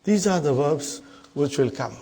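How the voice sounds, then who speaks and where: Slow, patient man teaching Arabic grammar. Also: a little high, expressive, mellow, breathy edge, in a large hall. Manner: slow, repetitive, addresses "brothers and sisters", checks understanding with "huh?". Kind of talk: explanatory lesson.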